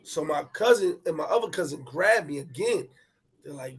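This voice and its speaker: A man telling a personal travel story in animated, profane street talk, repeating words as he goes. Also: fairly high pitch, moderate pace, breathy edge. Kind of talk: casual storytelling chat.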